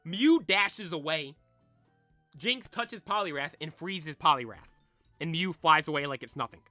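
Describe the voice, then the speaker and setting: Man casually reading a comic aloud, chatty and loose, slightly high, bright, dry close recording. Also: expressive, a little slow, dry recording, faint music behind. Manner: chatty, loose, with restarts and commentary. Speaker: comic reader. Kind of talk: casual comic read-along.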